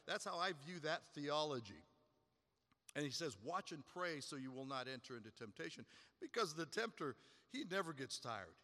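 A man preaching a sermon in a slightly raised, bright, forceful voice. He hits the stressed words loud and high, then sinks to a hushed, low tone. A long hall reverb trails after each phrase. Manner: emphatic preaching, swinging between loud high stresses and quiet low drops. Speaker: pastor.

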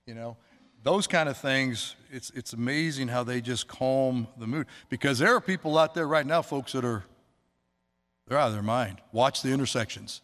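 A man's voice: mid-range voice, normal speed, a bit bright. Chatty male pastor in a reverberant church. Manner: conversational, chatty preaching with asides to the congregation. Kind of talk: sermon. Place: church sanctuary. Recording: long hall reverb.

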